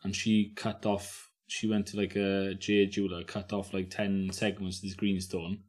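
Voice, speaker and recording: A man with a fairly low voice talks as a podcast guest. He rambles through his stories with restarts and frequent laughter, in a loose conversational way. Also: flat delivery, moderate pace, a little mellow. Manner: rambling storyteller, mumbles and restarts, laughs a lot. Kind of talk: casual chat.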